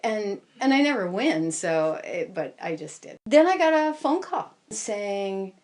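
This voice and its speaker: A woman recounting a personal misadventure to an audience, self-deprecating and animated. Her delivery is slow and leisurely, with a widely swinging, expressive pitch. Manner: animated, self-deprecating, laughing through the telling. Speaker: storyteller. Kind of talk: first-person live storytelling.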